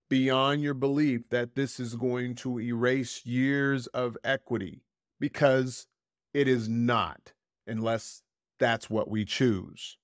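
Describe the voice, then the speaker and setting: A podcast host, a man, reads a prepared commentary in a steady middle register. He is deliberate, slowing right down on the words he wants to land. The sound is dry and close, with no room in it. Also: mid-range voice, dry recording. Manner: measured, deliberate, slows to stress key words. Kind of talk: reading a prepared essay.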